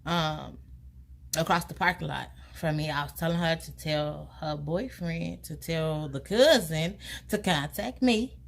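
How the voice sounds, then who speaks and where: A young woman, telling a personal story in a casual storytime vlog and acting out quotes with big jumps in pitch. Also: fairly bright tone.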